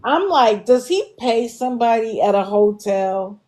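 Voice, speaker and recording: A woman's voice: on the high side, expressive, measured pace, mellow. A woman hosting a live stream, talking bluntly and with exasperation to her viewers. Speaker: livestream host. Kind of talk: casual commentary. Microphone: live stream setup.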